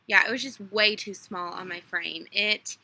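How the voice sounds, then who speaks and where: A woman's voice: medium pitch, moderate pace, gravelly, noisy background. A young woman, rambling through a casual unboxing story full of fillers and quoted dialogue. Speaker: vlogger.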